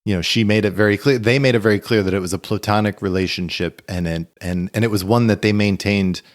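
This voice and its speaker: A man co-hosting a podcast in an easygoing chat. His voice sits a little low, and he rambles his way through anecdotes with many fillers and restarts. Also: fast. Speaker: podcast co-host.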